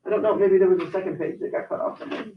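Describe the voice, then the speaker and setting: A man with a fairly high voice lectures his algebra class step by step. He often restarts his sentences. The sound is roomy and distant, as if he is recorded from across a classroom on a muffled, lo-fi mic. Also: steady tone, racing, noisy background. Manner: explains step by step, with many restarts. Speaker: math teacher.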